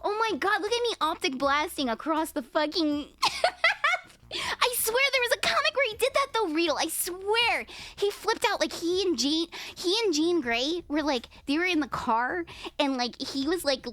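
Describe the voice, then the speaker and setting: A young woman hosting a livestream, reading aloud and chatting with her viewers, animated and profane. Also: very high-pitched, normal speed. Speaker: livestream host. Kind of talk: reading and chatting with live chat.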